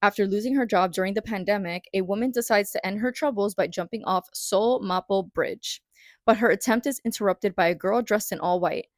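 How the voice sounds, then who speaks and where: A woman's voice: mid-range voice, brisk, no room sound, clean studio sound. A young woman vlogger chatting casually about books, retelling stories with dramatic quoted reactions. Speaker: book vlogger. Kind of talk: casual chat.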